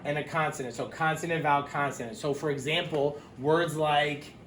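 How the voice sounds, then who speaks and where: A male teacher giving a phonics lesson to young children, sounding out letters slowly and clearly and offering encouragement. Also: fairly high pitch, fairly even intonation, a bit bright, roomy sound, slight background noise. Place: classroom.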